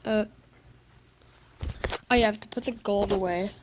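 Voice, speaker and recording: A woman's voice: medium pitch, steady tone, moderate pace, background noise. A woman giving casual gameplay commentary, playfully whiny and fake crying over bad loot. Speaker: gaming video creator.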